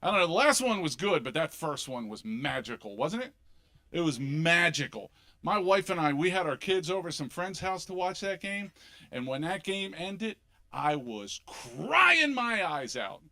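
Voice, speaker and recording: A middle-aged man from Philadelphia with a Philly accent, doing an animated, punchy stand-up comedy set on a club stage. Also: fairly high pitch, normal speed. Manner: animated, punchy delivery with sudden loud bursts.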